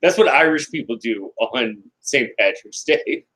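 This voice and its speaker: A man's voice: medium pitch, expressive, unhurried, a bit bright, breathy edge, rough recording. An American man co-hosting a casual podcast, laughing often, retelling scenes with put-on voices and swearing bluntly. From United States. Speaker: podcast co-host.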